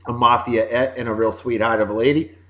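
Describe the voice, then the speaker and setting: A man with a Boston accent hosting a casual show, giving upbeat, jokey birthday shout-outs. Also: mid-range voice, flat delivery, fairly quick, dull audio. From Massachusetts. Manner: upbeat, jokey, sing-song greetings. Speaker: podcast host.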